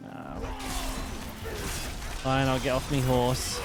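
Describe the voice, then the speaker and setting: Man, casual game streamer, chatty, swears, mid-pitched voice. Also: expressive, takes it slowly, vocal fry, music in the background. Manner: chatty, swears, thanks chat viewers. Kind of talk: casual gameplay commentary.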